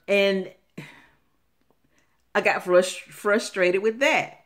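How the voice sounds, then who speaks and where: A woman's voice: sits low, expressive, takes it slowly. A woman giving earnest, Bible-based relationship advice to her viewers, talking to them directly and repeating phrases for emphasis. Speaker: faith-based relationship vlogger.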